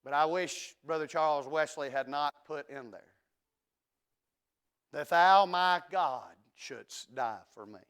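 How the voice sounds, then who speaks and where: A middle-aged man, preaching a sermon in a church and swinging from hushed asides to loud declarations. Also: fairly high pitch, takes it slowly, clean tone. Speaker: pastor. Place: church sanctuary.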